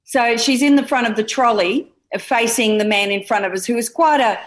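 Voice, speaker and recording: A middle-aged Australian woman recounting a family story as an interview guest. She tells it in a lively, anecdotal way, building up to the punchline with an easy conversational flow. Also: a little high, fairly quick. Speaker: guest's mother.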